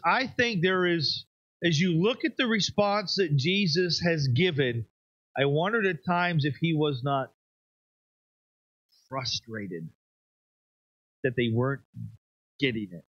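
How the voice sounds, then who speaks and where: A man preaching an evening sermon, emphatic, pushing his voice up high for stress and dropping it low and quiet. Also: dry recording, highs cut off. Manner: emphatic, rises and drops sharply for effect. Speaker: pastor.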